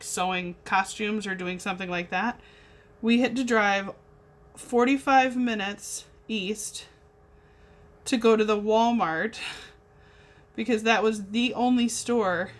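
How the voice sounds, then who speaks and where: A young adult woman hosting a craft livestream, chatting in a bubbly way with viewers as she paints. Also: mid-range voice. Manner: bubbly, chatty, talks to viewers while working. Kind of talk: casual chat while painting.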